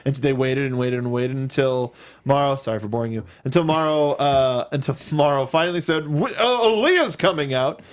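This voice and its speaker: A man's voice: medium pitch, normal speed. A man hosting a wrestling recap show, rambling playfully in casual chat and often quoting himself. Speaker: host.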